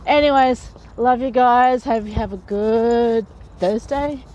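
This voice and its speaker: On lo-fi sound, a woman with a fairly high, darkish voice speaks slowly as she gives casual advice to camera. Frank and chatty, she frequently slips light laughs into her sentences, with faint noise in the background.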